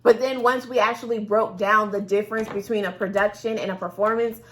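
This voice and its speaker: A woman's voice: mid-range voice, fairly even intonation, brisk. A woman co-hosting a casual chat about audiobooks, enthusiastic and gushing, laughing often. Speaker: podcast co-host.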